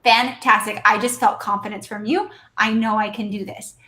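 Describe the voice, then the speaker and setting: A dental practice consultant, appearing as a guest on a podcast, offers hands-on coaching tips and animatedly acts out exchanges between patients and staff. Her mid-range voice is bright and forceful, with fairly even intonation and a moderate pace.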